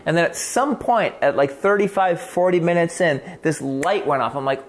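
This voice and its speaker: A male clinician with a somewhat high voice tells a case story in a loose, conversational way. He is animated, swears freely and often breaks off to restart his sentences. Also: normal speed, few pauses. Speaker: clinician on a talk show.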